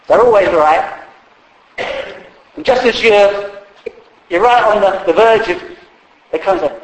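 High-voiced preacher in an echoey hall. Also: male voice, unhurried, pauses often. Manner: humorous, conversational preaching with acted quotes. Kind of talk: sermon.

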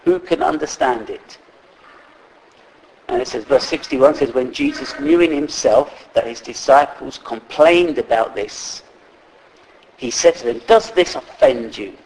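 Male preacher, mid pitch, chatty and halting sermon delivery. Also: very animated, creaky, darkish tone, slight background noise, poor audio. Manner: conversational, halting with fillers and restarts.

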